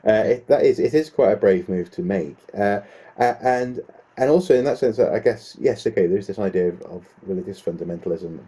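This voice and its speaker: A man's voice: on the low side, a little fast, mellow, breathy edge. A man co-hosting a podcast, chatting in a joking, casual way with fillers. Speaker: podcast co-host. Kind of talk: casual discussion.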